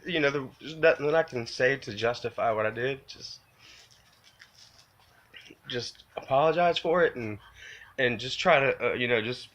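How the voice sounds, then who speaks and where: Speaking to camera, a man with a bright, forward voice confesses a regret, meandering and doubling back as he goes. "You know" and "man" fill his every pause, and his voice rises and strains as the remorse comes through.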